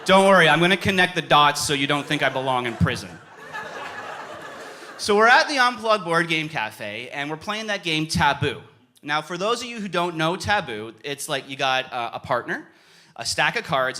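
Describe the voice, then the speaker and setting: Animated young man doing stand-up. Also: fairly high pitch. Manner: animated, yelling bursts in acted-out stories. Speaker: stand-up comedian. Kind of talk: stand-up comedy set. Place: comedy club stage. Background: audience laughter.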